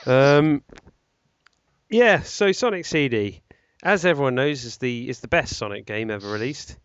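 A man's voice: medium pitch, animated, unhurried, dry recording. Rambling man, casual podcast chat. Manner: rambling, self-correcting, lots of ums. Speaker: podcast co-host. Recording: dull, slightly lo-fi dry sound.

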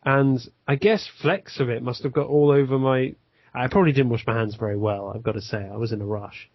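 A man's voice: medium pitch, brisk, no room sound. A man co-hosting a podcast, telling a story in a rambling, self-deprecating way. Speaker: podcast co-host. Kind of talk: casual podcast chat. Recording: dry, dull lo-fi sound.

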